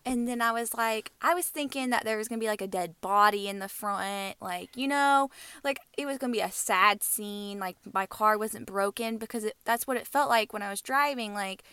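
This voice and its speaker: A young woman from Georgia, co-hosting a podcast and chatting in a quick, excitable way with a lot of laughter. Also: mid-range voice, smooth, dry recording. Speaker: podcast co-host. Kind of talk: casual storytelling chat.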